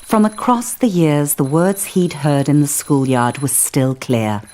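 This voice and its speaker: A woman voicing a calm, wry storybook narrator in a video game, reading scripted narration with dry, deadpan delivery. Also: low voice, measured pace.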